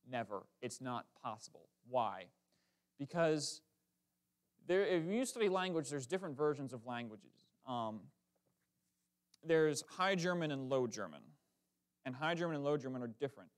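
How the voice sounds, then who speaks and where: A man preaching a lively, conversational sermon in a church, with quick asides and self-corrections. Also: mid-range voice. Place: church sanctuary.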